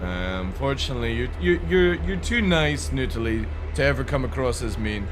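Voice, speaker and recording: This young Scottish man has a medium-pitched, expressive voice at normal speed, with some background noise. He's live-streaming a game and chatting casually with viewers, blunt and sweary, humming and musing aloud while he thinks.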